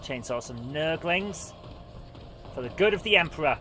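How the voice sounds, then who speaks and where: A woman's voice: low voice, lively intonation, moderate pace, a bit bright, faint music behind. A woman hosting a live game stream, chatting in a rambling, self-deprecating way while she plays and greets viewers. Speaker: livestream gaming host. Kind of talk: live gameplay commentary with chat.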